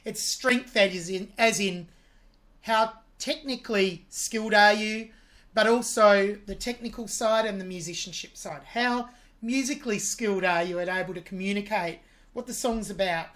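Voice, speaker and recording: A woman's voice: mid-range voice, normal speed, fairly bright tone. A woman hosting a music reaction video, analysing a singer's vocal technique with admiring commentary.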